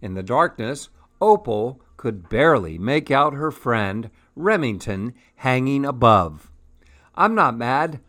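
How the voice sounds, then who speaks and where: A man reading a children's picture book aloud in a gentle, expressive way. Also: medium pitch, slow, hardly any pauses. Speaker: storyteller.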